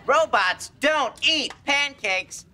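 A woman's voice: high voice, expressive, takes it slowly, pushed and bright, a little hiss or hum, exaggerated voice. A girl faking a robot. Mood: robotic. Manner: mock-robotic. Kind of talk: sitcom acting.

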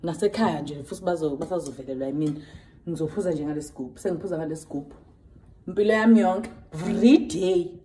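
A woman's voice: low-pitched, very fast, dark tone. A young woman, chatting casually to her phone camera in a hotel and switching between English and isiZulu. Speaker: vlogger. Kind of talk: casual vlog talk to camera. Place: hotel room and lobby. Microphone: handheld phone. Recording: noisy phone recording.

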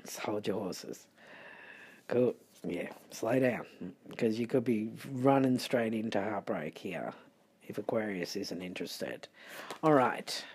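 Slow, husky Australian tarot reader. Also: mid-range voice, darkish tone. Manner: chatty and rambling, with muttered asides. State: sleepy, late at night. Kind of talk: casual tarot reading.

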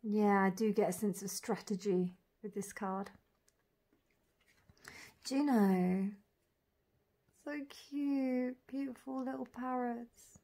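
A woman walking through an oracle deck card by card, calling out each name and meaning with soft, gushing admiration. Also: on the high side, slow pace, long pauses. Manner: dreamy, admiring, lingers on single words; soft laughs and gushing asides. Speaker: tarot reader reviewing an oracle deck. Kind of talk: casual unboxing walk-through.

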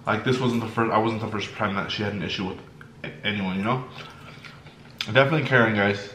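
Young man, mukbang vlogger, animated storyteller, echoey room, faint background hum. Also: fairly low pitch, brisk. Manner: animated, acts out the people in his story. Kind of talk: casual storytelling while eating.

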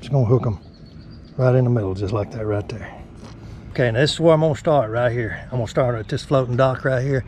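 Man, fishing vlog host, soft-spoken, folksy, outdoors by a lake, faint background ambience. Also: mid-range voice, fast talker, slight background noise. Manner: talks softly and folksy, addressing viewers as folks. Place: outdoors on the bank of a small neighborhood lake.

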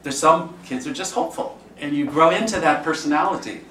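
A man's voice: fairly high pitch, animated, quick pace, a bit bright. A man, a priest, giving an informal, conversational teaching talk and acting out the voices of people he quotes. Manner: conversational, acts out quoted speech. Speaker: priest leading a class. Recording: echoey room, distant mic, faint noise.

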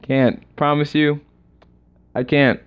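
A young man casually commenting on a game during a livestream, excitable and rambling as he reacts aloud. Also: on the high side, slow pace, smooth. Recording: slightly dull lo-fi recording.

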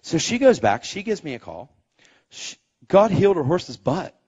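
A man preaching a testimony sermon, telling stories with loud exclaims and quiet asides. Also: normal speed, slightly rough. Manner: animated storytelling, swings between loud exclaims and low asides. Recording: dull lo-fi live recording.

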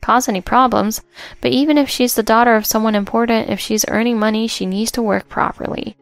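A woman narrating a first-person workplace story in a steady, plain storytelling manner. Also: fairly high pitch, brisk, gravelly, dry recording, soft background music.

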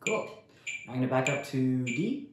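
A man giving a casual percussion lesson in a relaxed way, counting rhythms aloud and often saying "cool". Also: medium pitch, normal speed. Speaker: percussion instructor. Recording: very echoey room, faint noise.

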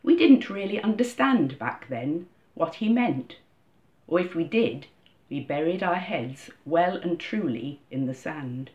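A woman reading a scripted first-person reflection at a church service, in a measured storytelling manner. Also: deep voice, lively intonation. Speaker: church reader. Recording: dull lo-fi recording.

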